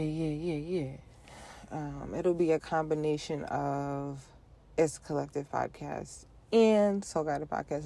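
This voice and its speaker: A woman's voice: low voice, vocal fry, mellow, a little hiss or hum. A woman hosting her own podcast in a playful, rhythmic solo monologue, with casual slang and frequent laughter. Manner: casual, conversational phrasing with slang. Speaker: podcast host.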